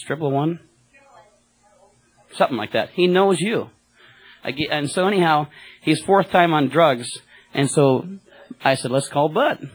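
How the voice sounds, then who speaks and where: A man, a cab driver, telling a rambling, excited testimony to a church group, full of fillers and restarts. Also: medium pitch, poor audio.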